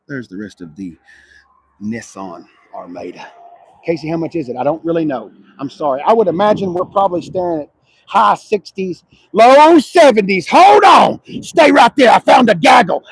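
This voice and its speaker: A man with a gravelly, husky voice reviews cars on a dealership lot in a loose, chatty way. He talks excitably, dropping to murmurs and then bursting into shouts. His voice is lively and up and down, and the sound is close and dry. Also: fairly high pitch, dry recording. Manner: loud, excitable, swings between murmurs and shouts. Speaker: car dealership vlogger. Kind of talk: casual walkaround car review.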